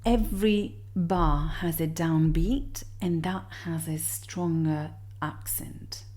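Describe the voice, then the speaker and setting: A woman with a warm, somewhat low voice walks students through music theory exam questions. She speaks slowly and patiently, often counting the beats out loud as she explains. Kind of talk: explaining exam answers step by step.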